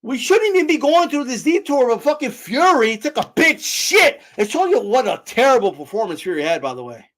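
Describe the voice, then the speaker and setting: A man's voice: very high-pitched, big pitch swings, a little fast, few pauses, a bit bright. A man streaming live, ranting heatedly and mockingly about boxing with constant profanity.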